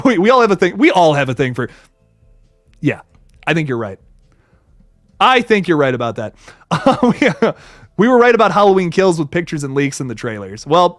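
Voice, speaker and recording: A young man hosting a live horror movie talk stream, chatting casually and reading comments, excitable and rambling, swearing often and laughing a lot. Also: high-pitched, dry recording.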